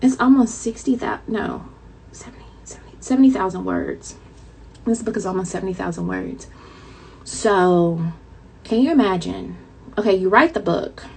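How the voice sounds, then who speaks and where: A woman's voice: medium pitch, normal speed, gravelly, darkish tone, a little hiss or hum, rough recording. A woman author chatting casually to her viewers with a light Southern twang, dramatic and talkative, calling them y'all.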